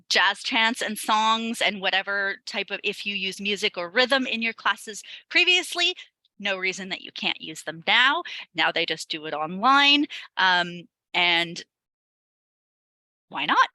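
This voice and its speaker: A woman's voice: mid-range voice, animated, slow, sharp tone, no echo, low-quality recording. A woman teacher presenting an online training webinar for other teachers, chatty and upbeat, with many ums and light laughs. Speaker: ESL teacher leading a teacher webinar.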